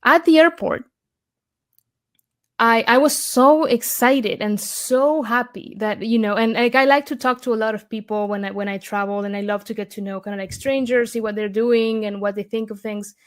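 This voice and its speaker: A woman's voice: fairly high pitch, normal speed. A woman from Argentina with an Argentine Spanish accent, a guest in an interview, telling a story eagerly with many fillers and restarts.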